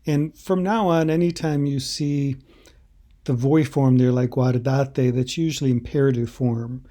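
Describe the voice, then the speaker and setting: A man teaching a language by explaining a translation, unhurried and explanatory, with hesitant fillers. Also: mid-range voice, steady tone, dark tone.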